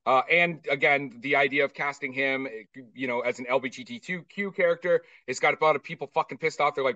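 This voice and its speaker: A man's voice: medium pitch, a little fast, hardly any pauses, dry recording, recorded from a distance, dull audio. A man co-hosting a podcast, chatting casually and profanely while reviewing a movie. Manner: profane, ranting, animated. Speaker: podcast co-host.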